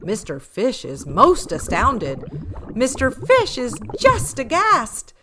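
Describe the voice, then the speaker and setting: A woman reading a rhyming picture book aloud as a storyteller, expressive and rhythmic. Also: on the high side, slow pace, background noise.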